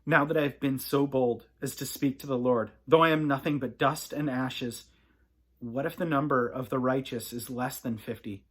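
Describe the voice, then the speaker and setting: A man's voice: mid-range voice, fairly even intonation, normal speed, a bit bright, breathy edge. A man reading the lines of a humble aged patriarch, pleading earnestly and hesitantly.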